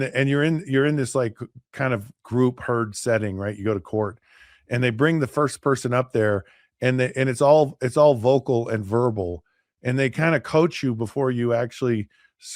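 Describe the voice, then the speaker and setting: A man's voice: mid-range voice, no echo, studio quality. A middle-aged man hosting a podcast, telling stories casually with many restarts and acting out what other people said. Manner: rambling, with many restarts and acted-out quotes. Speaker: podcast host, former NFL quarterback. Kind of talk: casual storytelling.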